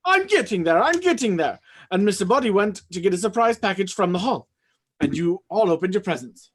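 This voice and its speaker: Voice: medium pitch, sing-song, breathy edge. Wadsworth, a reader playing a frantic butler. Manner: hurried, breathless recap with sudden yelps. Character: frantic male butler explaining a murder. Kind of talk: live script reading.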